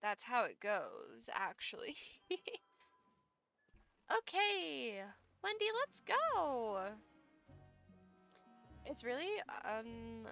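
A young woman streams a game and talks to her chat in a playful, cutesy way. Her voice is bright and her pitch jumps around, and she takes her time over the words. Soft music plays behind her. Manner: playful, cutesy slang, often laughs and yawns. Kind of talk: casual gameplay commentary.

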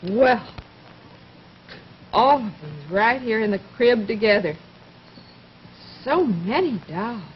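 Lady kids' show host, gentle and coaxing, reads poems, muffled old tv sound. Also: on the high side, expressive, slight background noise. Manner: gentle, coaxing, asks questions and pauses for answers. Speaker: children's television host. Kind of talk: speaking directly to young viewers, reading poems aloud. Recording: dull lo-fi 1950s television recording.

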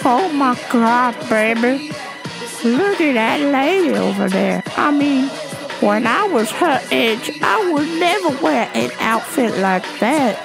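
A woman voicing a stoned, gossipy old grandmother who drawls slowly and calls everyone baby, pitched well above her own voice. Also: lively intonation, creaky, over music, full character voice.

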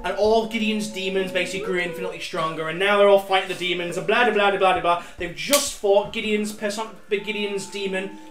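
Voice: medium pitch, steady tone, fairly quick, few pauses. A game master narrating a tabletop game, rambling with lots of fillers and restarts. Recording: roomy, distant, music behind.

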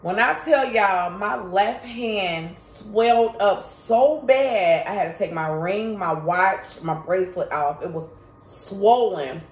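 A woman's voice: mid-range voice, takes it slowly. A woman telling a story to her viewers in a casual vlog, chatty and emphatic, talking straight to the audience. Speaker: vlogger. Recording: roomy echo.

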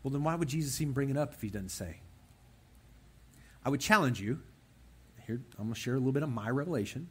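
Animated husky young male preacher. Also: mid-range voice, fast talker, long pauses. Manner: animated, talks straight to the men in the room. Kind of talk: conversational sermon.

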